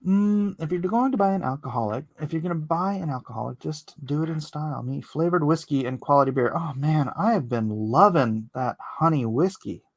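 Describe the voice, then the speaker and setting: A man's voice: a little high, brisk, few pauses, dry recording. A man chatting casually with his viewers while he inks a drawing live, rambling and joking as he answers the chat. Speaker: artist streaming live while inking.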